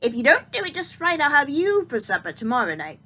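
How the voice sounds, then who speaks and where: A woman voicing a cruel old witch who shouts her orders in a harsh, cackling voice. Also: medium pitch, moderate pace, a little hiss or hum, close to an everyday voice. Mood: threatening.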